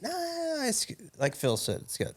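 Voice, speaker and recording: A man hosting a casual podcast chat, relaxed and casually profane as he tells a shop story. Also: extremely high pitch, measured pace.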